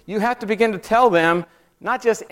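A man's voice: high voice, normal speed, a bit bright. A man teaching a church Bible class, talking through an outline in a conversational way and pressing hard on key points. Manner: conversational, rising emphatic when stressing points.

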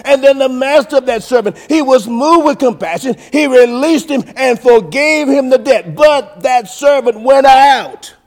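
High-voiced man preaching with sing-song cadence. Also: unhurried, few pauses. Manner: preaching cadence with sing-song rises and big swings in loudness; keeps addressing listeners as folks. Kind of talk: sermon.

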